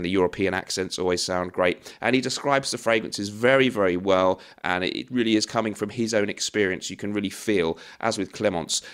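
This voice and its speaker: A fragrance YouTuber in his forties chats through a casual video review, rambling and poking fun at himself. His voice sits on the low side with a fairly bright tone.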